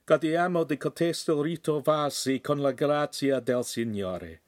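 A man's voice: fairly high pitch, normal speed, dry recording, clean studio sound, voice pushed up, close to an everyday voice. A man voicing an old male monk elder who speaks solemnly in rhyme. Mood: joyous. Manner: solemn, rhyming sayings.

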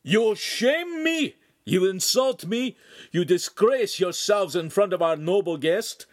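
A man's voice: mid-range voice, big pitch swings, moderate pace, dry recording, clean studio sound, voice pushed up. A man voicing a blustering male lens master who scoffs and gives orders in a storybook reading. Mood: furious. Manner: scornful, commanding outbursts.

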